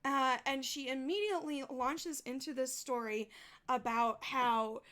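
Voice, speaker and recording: Bright chatty woman game master. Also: high voice, unhurried. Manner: chatty, many fillers. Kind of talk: narrating a tabletop game.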